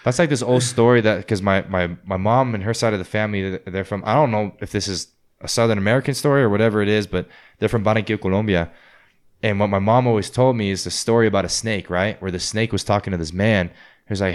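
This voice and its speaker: A man's voice: lowish voice, quick pace. A man chatting casually with friends, rambling and swearing freely as he tells stories. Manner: profane, rambling storyteller. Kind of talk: casual chat.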